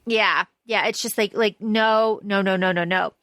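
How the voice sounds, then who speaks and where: A woman's voice: medium pitch, steady tone, a little slow, a bit bright, no room sound. A woman co-hosting a casual book podcast, chatty and swearing freely as she acts out characters' lines. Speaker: podcast co-host.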